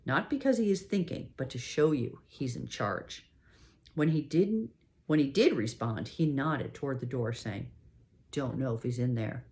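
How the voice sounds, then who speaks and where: A woman narrating a novel in the first person at a measured, steady pace. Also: a bass voice. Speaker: audiobook narrator.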